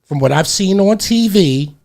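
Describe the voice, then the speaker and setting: A man hosting a radio talk show, telling a story in an animated, slangy, emphatic way and repeating words as he gets heated. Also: high-pitched, a little slow, creaky.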